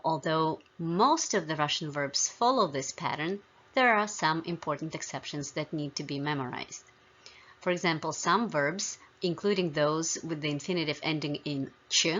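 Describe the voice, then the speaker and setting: A woman teaching a language lesson, explaining grammar in a clear, measured way and spelling out word forms one by one. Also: deep voice, fairly bright tone, muffled recording. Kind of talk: slow, careful language lesson.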